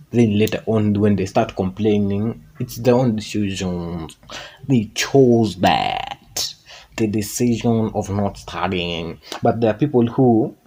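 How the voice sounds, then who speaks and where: A man's voice: lowish voice, a little mellow. A man giving a casual motivational monologue in a rambling, digressive way, often correcting himself.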